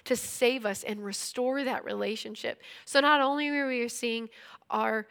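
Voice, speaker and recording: A woman's voice: fairly high pitch, steady tone, unhurried, creaky, a bit bright, clear, resonant tone. A woman in her thirties teaching a Bible passage in a casual, conversational way. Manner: conversational, retells scripture in everyday speech.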